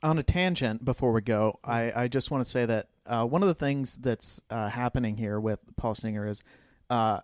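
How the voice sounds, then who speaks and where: A man's voice: mid-range voice, normal speed, few pauses, no room sound, studio quality. Chatty giggly podcast co-host man. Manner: laughing, chatty, hesitant fillers. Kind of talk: casual chat.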